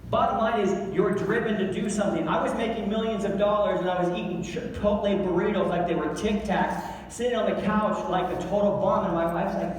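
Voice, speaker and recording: A middle-aged man giving a loud, brash motivational talk to a crowd, swearing and joking. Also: high-pitched, steady tone, brisk, distant mic, slight background noise. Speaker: motivational speaker. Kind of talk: energetic stage talk. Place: large event hall. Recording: echoey hall, mic heard from afar.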